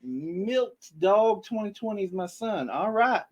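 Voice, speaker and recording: A man's voice: high-pitched, expressive, measured pace, darkish tone, highs cut off. A man co-hosting a casual podcast, rambling through long jokes, swearing freely and laughing at himself, sleepy. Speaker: podcast co-host. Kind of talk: casual podcast banter, joke telling.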